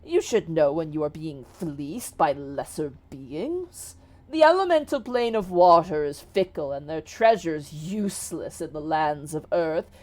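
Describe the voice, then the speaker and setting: Pompous male earth genie, voiced by a woman, smooth salesman talk, rather low, tabletop game. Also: darkish tone.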